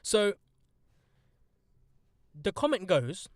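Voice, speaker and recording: A young man chats bluntly on a podcast, swearing and turning sarcastic. His voice sits high and the close mic sounds dry, with no room around it. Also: lively intonation, a little slow, no echo. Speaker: podcast host. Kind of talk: casual podcast chat.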